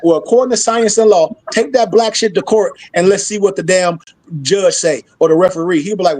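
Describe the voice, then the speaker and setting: A man's voice: high-pitched, a little fast, darkish tone, low-quality recording. A man hosting a discussion, blunt and sarcastic in a preaching manner, from Michigan. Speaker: host. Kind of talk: heated discussion.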